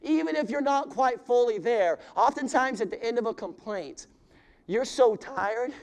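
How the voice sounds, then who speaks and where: A man preaching a sermon as pastor, addressing the congregation directly and voicing prayers in rising, pleading cries before dropping to quiet appeals. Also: very high-pitched, animated, a little slow.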